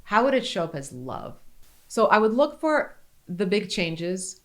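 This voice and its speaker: A woman's voice: sing-song, measured pace, a bit bright. Earnest, emphatic woman talking. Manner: earnest and emphatic, rising in pitch when making a point. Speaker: podcast co-host. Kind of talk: casual podcast conversation.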